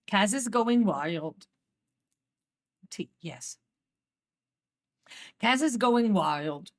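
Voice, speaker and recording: A woman's voice: on the high side, fairly bright tone. A woman with a Dutch accent chatting casually with viewers on a live stream, laughing often and repeating herself as she talks.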